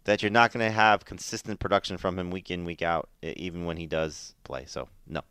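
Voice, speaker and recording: Radio co-host, male, lower register, crisp dry delivery, hesitant and filler-heavy. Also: steady tone, brisk, sharp tone, dry recording. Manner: hesitant, many fillers and restarts. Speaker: fantasy football analyst co-host. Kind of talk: casual sports radio talk.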